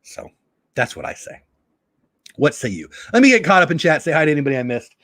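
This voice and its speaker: A middle-aged man hosting a casual live-stream chat, animated and talkative, with a slight sore throat. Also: on the high side, racing, no room sound, studio quality. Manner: animated, chatty, reads chat aloud. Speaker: live show host.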